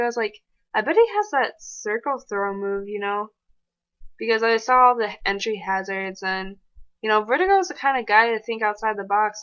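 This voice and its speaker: A woman giving casual, fast and excitable commentary over her own gameplay. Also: medium pitch, highs cut off.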